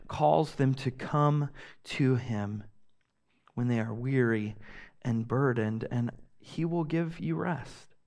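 A young man preaching a sermon with earnest emphasis, rising loud on key phrases and dropping to a hush on others. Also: medium pitch. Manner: earnest preaching, swings between loud emphasis and soft hushed lines. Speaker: pastor.

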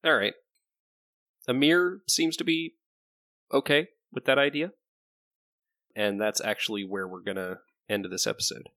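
A man's voice: medium pitch, steady tone, unhurried, long pauses, pushed and bright, no echo, studio quality. A man hosting and running a tabletop game as game master, narrating in a casual, laid-back way.

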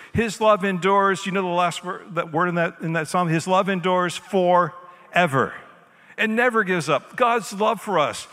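Male pastor, fairly high voice, dynamic sermon delivery, long reverb of a church hall. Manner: dynamic preaching, swinging between loud emphasis and quiet intimacy.

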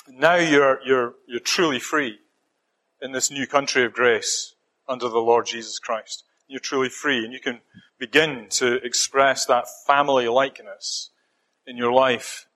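Scottish preacher with a bright voice. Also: male voice, medium pitch, low-quality recording. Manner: gentle, halting with frequent fillers and restarts. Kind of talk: sermon.

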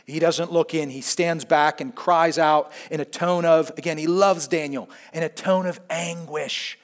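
Expressive preacher with a high male voice. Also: unhurried. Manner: expressive storytelling, swings between hushed and emphatic. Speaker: pastor. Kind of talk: sermon.

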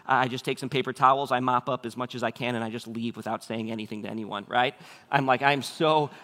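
A man in his thirties preaching a sermon as a pastor, telling stories with animated acted-out voices. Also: medium pitch, fast, long reverb tail. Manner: animated storytelling, acts out quoted voices.

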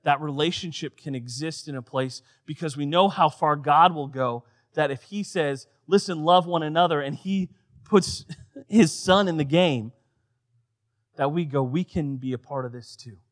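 A man preaching a sermon, swinging between loud emphatic lines and quiet, soft passages. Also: a little high, normal speed. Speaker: pastor.

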